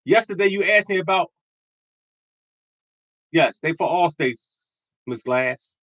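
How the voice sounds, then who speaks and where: Older male streamer, high voice, dry close sound, hammers each point twice with preacher-like conviction. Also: expressive, slow, fairly bright tone, dry recording, poor audio. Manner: emphatic and repetitive, preaching conviction. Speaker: lottery tips host. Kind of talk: live stream talking to chat.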